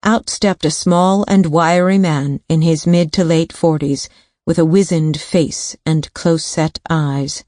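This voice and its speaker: A woman reading a thriller audiobook in a steady, even narration on a studio mic. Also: deep voice, measured pace, no echo.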